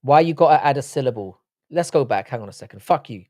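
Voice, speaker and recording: Talking fast and animatedly, this man has a mellow, medium-pitched voice and a London accent. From England, he hosts a live stream, bantering casually with viewers in a profane, joking style.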